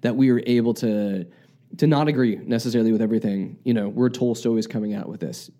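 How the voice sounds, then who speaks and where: A man's voice: fairly low pitch, fast talker, warm tone. A man from the United States co-hosting a podcast, earnestly reflecting in casual talk and often restarting his sentences. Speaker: podcast co-host.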